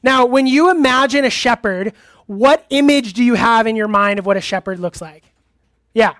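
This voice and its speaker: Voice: mid-range voice, normal speed, fairly bright tone, no room sound, clean studio sound. Chatty preacher questioning the audience. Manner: laughs easily, uses many fillers. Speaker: youth pastor. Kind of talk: interactive sermon. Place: church hall with a live audience.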